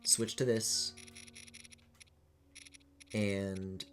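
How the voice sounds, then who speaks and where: A man streaming a video game, chatting casually, rambling and swearing, with sudden excited squeals. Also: lowish voice, extremely slow. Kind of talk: casual live-stream commentary. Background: game music.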